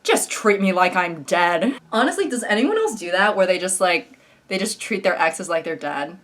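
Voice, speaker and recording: A woman's voice: lowish voice, lively intonation, normal speed, a bit bright. A young woman giving sarcastic comedic commentary on social media posts, mocking them and slipping into exaggerated voices. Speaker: commentary YouTuber.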